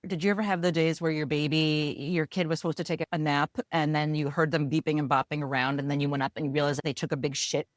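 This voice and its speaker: A woman's voice: sits low, flat delivery, fast talker, few pauses, no room sound. A woman co-hosting a podcast, chatting casually with wry, self-deprecating humor. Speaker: podcast co-host. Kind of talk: casual chat.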